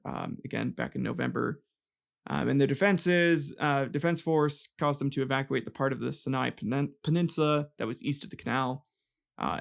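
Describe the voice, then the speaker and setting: A man's voice: mid-range voice, creaky. A man hosting a casual comedic history podcast, rambling and joking, swearing and tripping over names. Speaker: podcast host.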